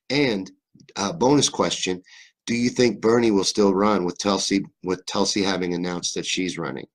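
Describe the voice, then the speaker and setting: A young man with a very low, deep voice and a faint Southern drawl, from Kentucky, hosting a live stream. He reads viewer comments and riffs on them in a loose, rambling way, cracking jokes and swearing freely. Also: moderate pace. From Kentucky, USA. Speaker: livestream host. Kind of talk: casual live-stream chat reading comments.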